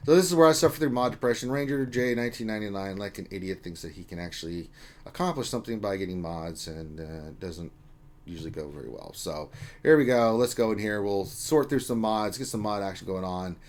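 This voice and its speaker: A man's voice: fairly low pitch, brisk. A man co-hosting a casual gaming livestream, reading viewer comments aloud in a loose, joking way with some mild swearing. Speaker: livestream co-host.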